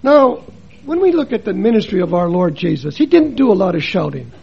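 A man preaching a sermon as a missionary, telling stories and moving between quiet and emphatic delivery. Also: high voice, very animated, a little fast, vocal fry, slightly rough, highs cut off.

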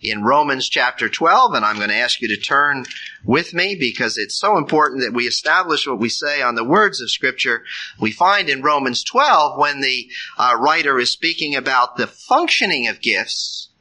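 A man's voice: medium pitch, lively intonation, moderate pace, bright, forceful tone, poor audio. A man preaching a sermon in an earnest, emphatic way, rising sharply on key phrases.

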